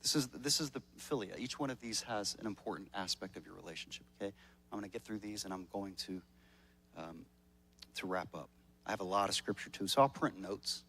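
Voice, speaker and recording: A man's voice: low voice, a little fast, bright, forceful tone, a little hiss or hum. A male pastor preaching a sermon at a church service in a conversational, joking way, often repeating words as he starts a sentence.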